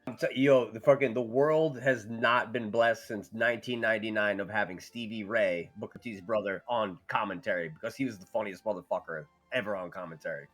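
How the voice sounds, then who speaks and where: A man, a former indie wrestler, chatting casually on a podcast, loud and profane and laughing as he tells stories. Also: fairly low pitch, a little fast, hardly any pauses, faint music behind. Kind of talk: casual chat.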